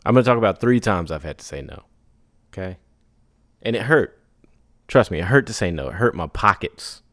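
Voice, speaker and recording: A man hosting a solo podcast, telling business stories in a casual, animated way, acting out others in high put-on voices and laughing between lines. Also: fairly quick, no echo, studio quality. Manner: laughs and sighs often. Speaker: podcast host.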